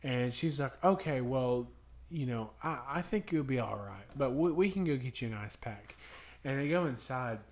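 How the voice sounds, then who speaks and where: A man's voice: mid-range voice, lively intonation, normal speed. Young male podcast co-host, casual storyteller who acts out kids' voices. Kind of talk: casual chat.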